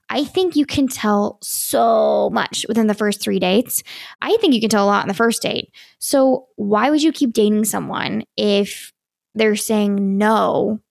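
Emphatic young woman with a gravelly edge. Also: mid-range voice, no echo, clean studio sound. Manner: emphatic, repeats points for stress. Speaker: dating advice host. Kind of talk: casual advice monologue.

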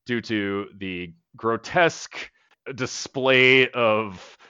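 A man's voice: medium pitch, extremely slow, sharp tone, clean tone, no room sound, lo-fi sound. A man co-hosting a podcast, recapping a comedy film in a rambling, profane, casual way and laughing as he goes. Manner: rambling, profane, laughs while retelling scenes. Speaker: podcast co-host. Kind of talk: casual movie-review chat.

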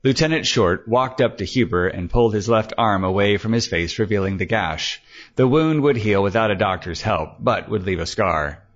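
A man narrating a story with a lowish voice and an even, measured pace. The recording is dull and lo-fi, like a homemade podcast audiobook. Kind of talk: scripted narration.

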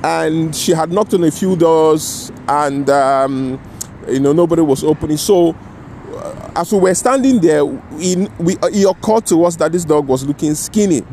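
Rambling storyteller man, a bit high-pitched. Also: normal speed, a little mellow, a little hiss or hum. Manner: rambling, with frequent "you know" and "right?" check-ins; restarts and self-corrections mid-sentence. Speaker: vlogger telling a personal story. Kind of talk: casual spoken storytelling.

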